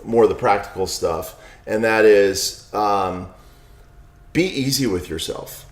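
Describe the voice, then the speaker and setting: A man's voice: lowish voice, takes it slowly. Middle-aged man telling stories in a roomy space. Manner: storytelling with many "you know" and "right?" asides. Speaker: podcast guest, author and lawyer. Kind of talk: casual interview conversation. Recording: roomy echo.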